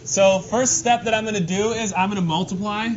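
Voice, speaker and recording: A male math teacher giving a lively, joking lesson to his class in a classroom. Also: high-pitched, fairly quick. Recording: dull lo-fi classroom recording with faint noise.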